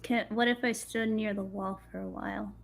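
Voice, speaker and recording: A woman's voice: medium pitch, fairly even intonation, moderate pace, creaky. A woman playing a tabletop game, asking tentative questions about what her character can do. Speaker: player. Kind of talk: casual tabletop play.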